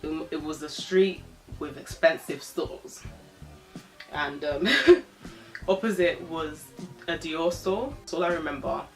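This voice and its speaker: A woman's voice: low-pitched, slow pace, faint music behind. Young woman chatting frankly, swearing freely. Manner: sipping a drink while talking. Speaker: vlogger. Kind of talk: casual storytelling.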